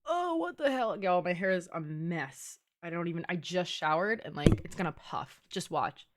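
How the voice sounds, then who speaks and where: A woman's voice: lowish voice, steady tone, moderate pace, noisy background. A young woman streaming from home, chatting playfully with her viewers and swearing casually. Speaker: game streamer. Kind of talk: casual live-stream chat.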